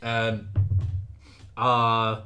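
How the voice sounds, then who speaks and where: A man's voice: medium pitch, completely flat delivery, very slow, pushed and bright, faint music behind. A young man casually telling a story among friends, acting out the people he quotes. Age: young adult. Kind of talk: casual chat.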